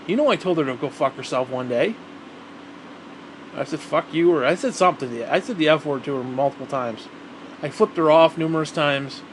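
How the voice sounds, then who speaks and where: Profane rambling man, fairly high voice. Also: a little hiss or hum. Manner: profane, rambling, repeats himself, heated. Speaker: vlogger. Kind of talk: rambling monologue rant.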